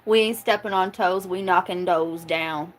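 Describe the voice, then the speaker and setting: A woman's voice: fairly low pitch, fairly even intonation, a little slow, a little hiss or hum, poor audio. A woman from Oklahoma, a tarot reader on a live stream, chatting casually with her viewers, joking, swearing freely and laughing often. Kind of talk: casual livestream chat.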